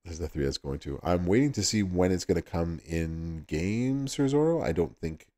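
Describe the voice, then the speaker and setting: A man's voice: low voice, lively intonation, normal speed, dark tone. A man with a Southern US accent hosting a livestream, chatting casually with viewers and laughing often. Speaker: livestream host.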